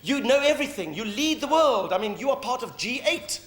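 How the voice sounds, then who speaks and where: A man's voice: very high-pitched, animated, a little fast, fairly bright tone. A middle-aged South African man performing a provocative, mocking stage comedy monologue. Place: live theatre stage. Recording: roomy live stage recording, faint hum.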